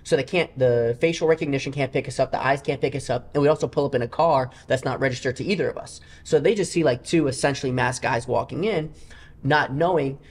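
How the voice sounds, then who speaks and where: Male guest, gambler type; loose, rambling storyteller with an ordinary mid-pitched voice. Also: fast. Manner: loose, rambling anecdotes full of asides. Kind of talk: casual interview storytelling.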